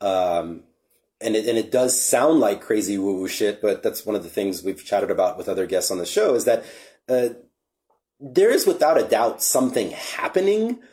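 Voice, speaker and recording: A man hosting a podcast in casual chat, relaxed and reflective, swearing now and then. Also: lowish voice, normal speed. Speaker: podcast host.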